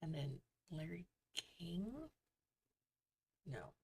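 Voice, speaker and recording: A woman's voice: fairly low pitch, very animated, drawn-out words, mellow, a little hiss or hum. A woman hosting a casual author livestream, chatty and telling jokes to viewers. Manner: chatty, joke-telling, reads viewer comments aloud.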